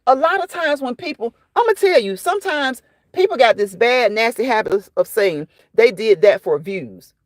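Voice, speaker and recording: A woman's voice: fairly high pitch, expressive, normal speed, no room sound. A woman hosting a casual livestream, chatting and fussing while she answers viewers by name. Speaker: livestream host reading chat.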